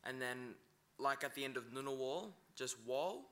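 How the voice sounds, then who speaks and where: A man's voice: mid-range voice, animated, bright, forceful tone, slight background noise. A man teaching an Indigenous language, sounding out words syllable by syllable. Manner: breaks words into syllables, slow and deliberate. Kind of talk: pronunciation lesson.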